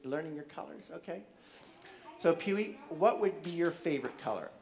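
A man's voice: a little high, animated, normal speed, creaky. A man performing a children's concert with guitar, singing and asking the kids playful questions. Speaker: children's singer-songwriter and guitarist. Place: library room with an audience of children. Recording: echoey room, loud guitar playing. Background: acoustic guitar.

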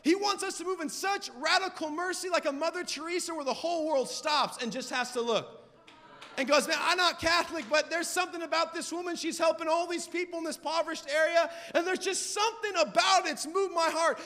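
A young man preaching a sermon with fervent, emphatic delivery and shouted peaks. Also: very high voice, fairly even intonation, brisk. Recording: long hall reverb.

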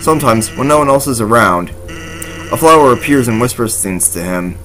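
A man's voice: mid-range voice, expressive, fairly quick, sharp tone, faint music behind, rough recording. A man voicing a lazy, joking male skeleton, reading game dialogue aloud with an offhand, laid-back delivery.

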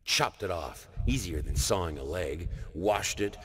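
An actor playing a grim, unhinged male painter in a game, muttering his thoughts aloud in a low, flat voice. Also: a little slow. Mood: grim, detached. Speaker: game narrator character.

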